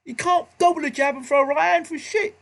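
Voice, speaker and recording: A man's voice: fairly even intonation, brisk, gravelly, exaggerated voice. Man putting on a ranting Cockney boxing trainer. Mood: exasperated. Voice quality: shrill and shouty. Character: stubborn old-school male boxing trainer, ranting.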